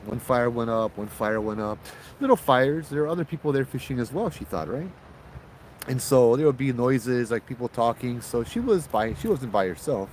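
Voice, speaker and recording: A man telling a ghost story in a loose, animated way, with restarts and fillers. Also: medium pitch, moderate pace, a little hiss or hum, rough recording. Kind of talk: casual spoken ghost storytelling.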